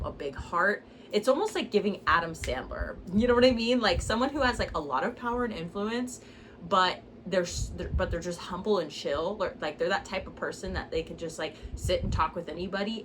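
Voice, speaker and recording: A woman giving a casual tarot reading, chatty and loose, often saying "like" and "okay?", with the odd curse and laugh. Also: fairly low pitch. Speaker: tarot reader. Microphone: phone. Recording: phone recording with clear background noise.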